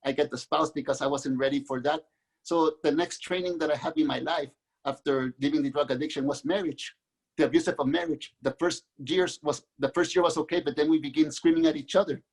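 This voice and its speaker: A middle-aged man from Mexico, a guest author, telling his own life story in an earnest, halting way with many restarts. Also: fairly high pitch, steady tone, a little mellow, husky. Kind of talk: candid personal storytelling.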